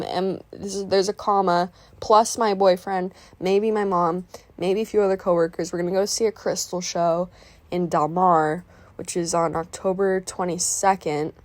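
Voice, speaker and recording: An art vlogger in her twenties chats over her painting video in a mid-range, gently mellow voice, with the voiceover recorded apart from the footage and free of room sound. She meanders, forgets where she was going and is openly emotional about how she feels.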